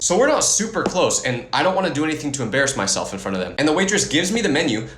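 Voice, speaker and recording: A young man telling funny stories from his life, acting out quotes in a fast, exaggerated comic manner. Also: on the high side. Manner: fast, animated, exaggerated retelling with acted-out quotes. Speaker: comedy storyteller. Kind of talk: comedic storytime monologue. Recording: echoey room.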